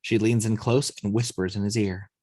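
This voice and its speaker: A man narrating the action lines of a screenplay read-through in a steady storytelling manner. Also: lowish voice, moderate pace, no echo. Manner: steady storytelling, occasional slips. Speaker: narrator reading action description.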